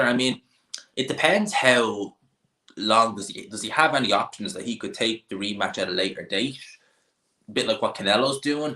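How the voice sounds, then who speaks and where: His voice sits on the low side and sounds pushed and bright. He's a young Irish boxing-channel host chatting casually and opinionatedly with viewers, thinking aloud with lots of fillers, in a roomy, echoey room.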